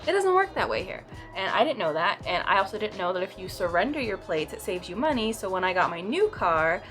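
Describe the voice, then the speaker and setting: A young woman vlogs to camera in a casual, chatty tone, leaning into comic exaggeration as she tells stories. Her voice sits in the middle of the range for a woman. Soft background music plays faintly behind her. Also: mid-range voice, big pitch swings, fairly quick. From US West Coast. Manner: dramatic, comic exaggeration with playful put-on quotes. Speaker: vlogger. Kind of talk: casual vlog talk to camera.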